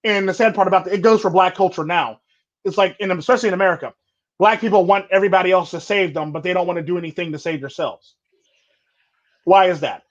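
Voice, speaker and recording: A man's voice: high-pitched, quick pace, muffled recording. A man hosting a casual chat, talking bluntly and rambling with repeated stock phrases. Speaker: podcast host.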